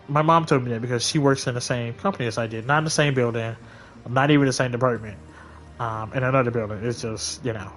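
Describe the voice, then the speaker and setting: Brief: average-pitched man, streamer, blunt and profane, rants while playing. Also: steady tone, brisk, fairly bright tone. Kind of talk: casual storytelling while gaming.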